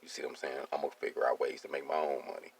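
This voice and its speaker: Very deep, gravelly-voiced man. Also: rapid-fire, a little hiss or hum. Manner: streetwise, keeps asking "you see what I'm saying". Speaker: welding business owner. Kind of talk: casual personal monologue.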